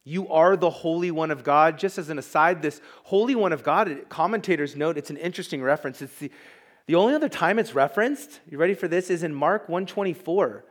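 A man's voice: a little high, brisk. A man preaching a sermon as pastor, emphatic and conversational, with asides to the congregation.

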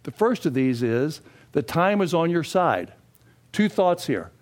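A man's voice: on the high side, very animated, measured pace. An older man giving a classroom lecture on finances, folksy and posing questions to the class before answering them himself. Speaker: financial education instructor.

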